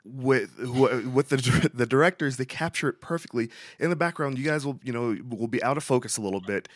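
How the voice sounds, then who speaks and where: A man's voice: medium pitch, a little fast. A male podcast co-host with a mid-range voice asks long, enthusiastic questions that loop back and restart as he goes. The sound is dry and close, with no room echo. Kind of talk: casual interview chat.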